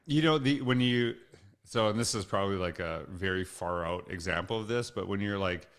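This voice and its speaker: A man's voice: lowish voice, fairly quick, a bit bright. A man hosting a casual conversation, asking rambling questions and responding with enthusiastic, effusive praise. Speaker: host.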